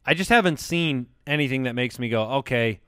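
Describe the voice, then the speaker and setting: A man's voice: mid-range voice, fairly quick, fairly bright tone, smooth, no room sound, clean studio sound. A man hosting a casual sports podcast, upbeat and steering the talk from topic to topic. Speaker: podcast host.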